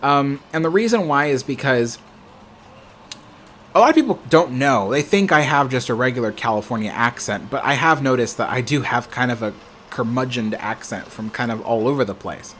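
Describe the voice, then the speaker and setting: A man's voice: medium pitch, moderate pace, a bit bright, a little hiss or hum. Rambling American man, casual livestream chat. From United States. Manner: rambling, self-correcting. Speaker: livestream host. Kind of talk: casual chat reading viewer comments.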